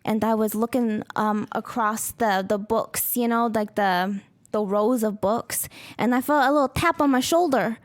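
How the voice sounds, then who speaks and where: A woman playing a tabletop role-playing game, telling an in-character story with many pauses and restarts. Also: on the high side. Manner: hesitant, lots of fillers and restarts.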